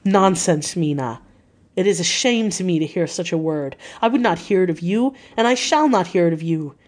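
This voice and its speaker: A woman's voice: mid-range voice, normal speed, a little mellow, natural voice. A woman reader voicing a panicked young husband who cries out in pleading, breathless bursts. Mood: resolute.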